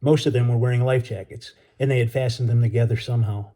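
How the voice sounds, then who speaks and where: A man, an author and educator, reading a chapter of his novel aloud in a relaxed, casual way. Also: mid-range voice, quick pace.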